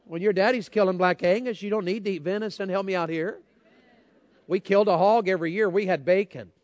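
A man's voice: sits high, fairly even intonation, a little fast, a little mellow, no echo. A man preaching a sermon, telling folksy stories and calling out to the congregation. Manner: folksy storytelling, calls out to congregation. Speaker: pastor.

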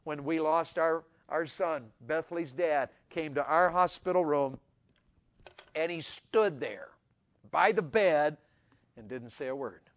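A middle-aged man, preaching a sermon to young people in an earnest voice that swings from loud urging to hushed tenderness. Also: fairly high pitch. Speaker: pastor.

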